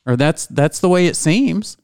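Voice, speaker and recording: A man's voice: a little high, animated, measured pace, a little mellow, clean tone, no echo, clean studio sound. A man co-hosting a casual radio talk show, laid-back and teasing. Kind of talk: casual podcast chat.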